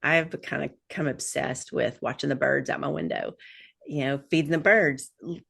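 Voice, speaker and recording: A woman's voice: sits low, steady tone, moderate pace, vocal fry, a bit bright, breathy edge. A middle-aged woman, a podcast guest, telling rambling personal stories with lots of fillers and laughs. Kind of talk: casual chat.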